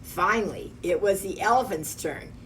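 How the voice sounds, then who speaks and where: A woman reading a picture book aloud, gently pointing out the pictures as she goes. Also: mid-range voice, normal speed. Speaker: storyteller. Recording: distant mic, faint room hum.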